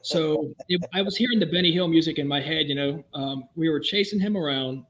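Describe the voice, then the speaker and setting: Fast-talking former cop telling stories. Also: male voice, a little high, a bit bright, poor audio. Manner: brisk, vivid, wry storyteller. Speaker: former police officer. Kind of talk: anecdotal storytelling in a conversation.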